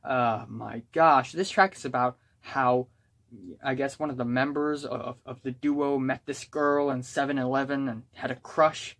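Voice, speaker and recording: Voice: mid-range voice, steady tone, a little slow, a bit bright. Blunt, exasperated young album reviewer. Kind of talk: casual spoken album review.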